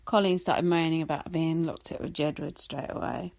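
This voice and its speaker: A young woman hosts her own podcast and riffs alone on reality television. She is sarcastic and swears freely, laughing between points. Her voice sits fairly low for a woman. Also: animated, normal speed, creaky, hardly any pauses. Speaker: podcast host. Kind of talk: casual solo commentary.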